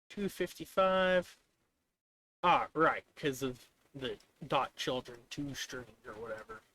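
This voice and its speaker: Slow-talking, bright-voiced exasperated man streamer. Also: medium pitch, animated. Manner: exasperated, rambling, mocks the software in quoted voices. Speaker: live streamer. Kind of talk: casual live-stream commentary while coding.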